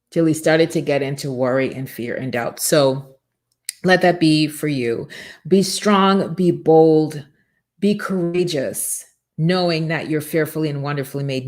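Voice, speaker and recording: A woman's voice: deep voice, a little mellow. A woman hosting a live faith-based motivational morning show, talking in a fervent, preachy way full of rhetorical questions and repetition.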